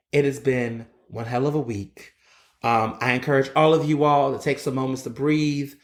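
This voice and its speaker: A Philadelphia podcast host, his voice medium in pitch and reverberant, holds forth alone on his show. He rants bluntly and curses freely.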